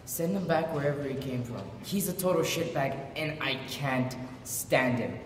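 A man's voice: medium pitch, normal speed, slight background noise, lightly acted. A male performer playing a desperate teenage son who pleads earnestly with his mother in a stage monologue. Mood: angry. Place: school auditorium. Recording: echoey hall, mic far off.

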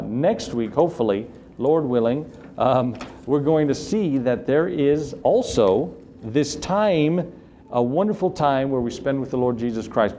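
Earnest preacher man, mellow voice. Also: medium pitch, slight background noise. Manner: earnest preaching, rising to emphatic questions. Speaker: pastor. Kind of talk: sermon. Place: church sanctuary.

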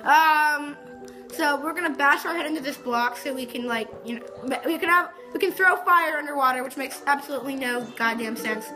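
Very high-voiced woman ranting while gaming. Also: a little fast. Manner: foul-mouthed, mocking, bursts into yelling. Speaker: gameplay commentator. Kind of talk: profane ranting game commentary. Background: game music.

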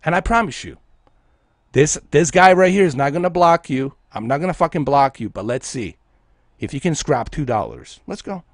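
A man's voice: on the high side, animated, normal speed, dry recording, clean studio sound. A man from Bosnia, a game streamer delivering an aggressive, profane, taunting livestream rant at his viewers.

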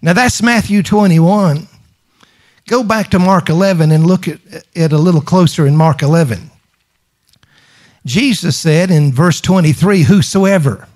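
A man's voice: on the high side, a little mellow. A middle-aged man preaching a sermon. He fires rhetorical questions, repeats phrases and calls on the congregation to answer. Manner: emphatic preaching with call-and-response to the congregation.

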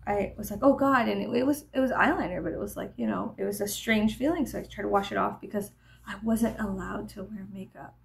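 Gravelly rambling woman vlogger. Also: mid-range voice, quick pace. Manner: meandering, many fillers, drops into soft whispers. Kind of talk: rambling get-ready-with-me storytelling.

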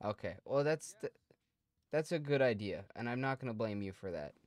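A woman's voice: rumbling low, expressive, normal speed, darkish tone. A woman hosting a live gaming stream, chatting casually with viewers and teasing them with dry, sarcastic remarks. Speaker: streamer host.

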